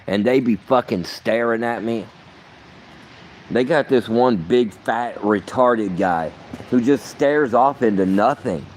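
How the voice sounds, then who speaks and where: Brief: low-pitched man, profane rambling vlogger, muttering then flaring up. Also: slight background noise. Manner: profane, rambling, swings between muttering and outbursts. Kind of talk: rambling vlog monologue.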